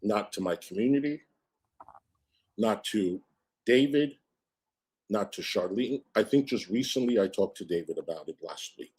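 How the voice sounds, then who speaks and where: A man's voice: lowish voice, lively intonation, moderate pace, pauses often, darkish tone, slightly rough. A man in a played stream clip, complaining in an aggrieved, emphatic way.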